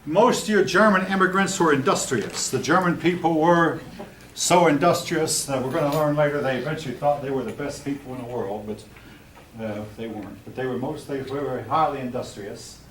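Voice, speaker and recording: A man's voice: mid-range voice, moderate pace, fairly bright tone, distant mic. Older male history teacher, blunt and opinionated, recorded from across a roomy classroom with faint hum. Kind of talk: classroom lecture.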